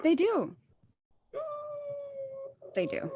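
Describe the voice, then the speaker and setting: Here is a woman co-hosting a podcast, with a slightly high voice whose pitch moves a great deal. She comes across as wry and a little hesitant, and she laughs easily. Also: wildly swooping pitch, very slow, mellow. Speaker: podcast co-host. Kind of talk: casual chat.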